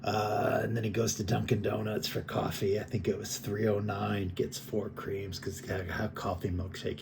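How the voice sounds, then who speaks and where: A man's voice: on the low side, flat delivery, moderate pace, gravelly, hardly any pauses, background noise. A man talking casually and rambling, chuckling as he comments on other creators' videos. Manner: rambling, chuckling, heavy on fillers. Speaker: commentary vlogger.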